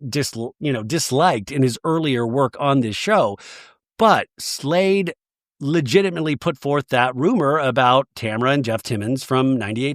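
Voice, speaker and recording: A man's voice: on the high side, no room sound, clean studio sound. A man hosting a podcast, recapping a reality show in a casual, comic way and acting out the cast's lines. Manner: animated, quotes cast members in exaggerated voices, swears.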